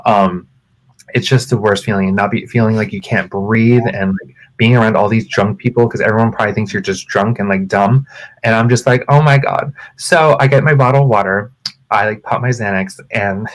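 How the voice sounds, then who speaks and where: A man on a casual podcast, telling a personal story in a lively, dramatic way and acting out what people said. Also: fairly low pitch, normal speed. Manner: animated, dramatic storyteller with acted quotes. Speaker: podcast co-host.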